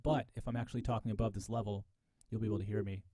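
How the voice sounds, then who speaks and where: Man, professor type, mellow dark tone, halting and exploratory delivery, dry close recording. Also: fairly low pitch, fairly even intonation, no echo. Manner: thinking aloud, halting restarts, repeated mic tests. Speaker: music professor. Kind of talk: live lecture demonstration.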